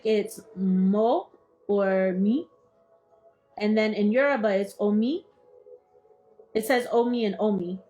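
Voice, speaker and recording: A woman reads a book aloud at an unhurried, deliberate pace, hosting a study session. She breaks off often to put things in her own casual words, joking and laughing at herself along the way. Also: fairly high pitch, darkish tone. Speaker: study group host. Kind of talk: reading a book aloud with commentary.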